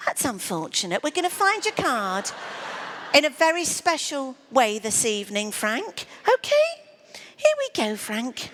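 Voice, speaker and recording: Comic stage magician: woman, high voice, flirty teasing patter. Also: sing-song, a little slow, background noise. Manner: teasing and flirty, calls the volunteer darling. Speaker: comedy magician. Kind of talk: stage comedy patter with a volunteer.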